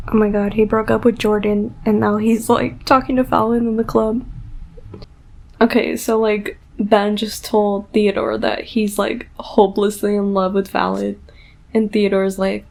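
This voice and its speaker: In her twenties, a book vlogger reads and reacts casually in real time, sounding dramatic, gushing, or exasperated. Her mid-range voice is level, slightly slow, gravelly, and a little mellow.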